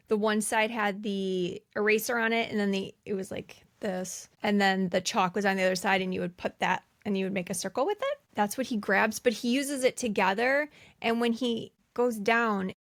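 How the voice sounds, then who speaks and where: A woman co-hosting a casual podcast, walking through a film scene by scene. Her voice has a gravelly fry to it and sits at a middle pitch. The sound is dry and close. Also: dry recording. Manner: chatty, recounts scenes with quick quoted bits. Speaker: podcast co-host. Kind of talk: casual movie recap chat.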